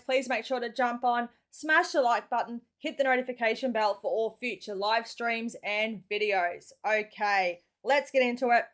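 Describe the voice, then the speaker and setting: A woman in her forties with an Australian accent, hosting a casual reaction video and chatting in a friendly way with plenty of slang. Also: a little high.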